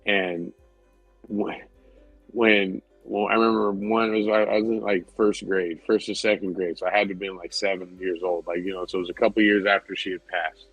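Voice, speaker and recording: Man, co-host, casual chat, rambling, husky, dry. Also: low voice, flat delivery, normal speed, fairly bright tone, no room sound, soft background music, poor audio. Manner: rambling, swears freely, laughs often. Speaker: podcast co-host.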